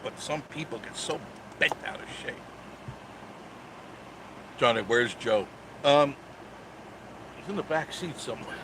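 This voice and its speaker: A man's voice: mid-range voice, a little slow, pauses often, noisy background. A man in his sixties hosting a live stream, chatting casually and joking sarcastically as he reads viewer comments. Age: 60s.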